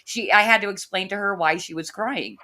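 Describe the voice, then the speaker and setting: A woman co-hosting a casual chat, telling personal anecdotes in an animated way and acting out the voices in them. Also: mid-range voice, brisk.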